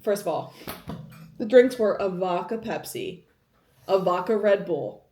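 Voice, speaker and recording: A woman's voice: mid-range voice, animated, unhurried, a little mellow, a little hiss or hum. Woman, late 20s, from New York, vlog host, casual and chatty, swears freely, echoey room. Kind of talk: casual chat. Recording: roomy echo.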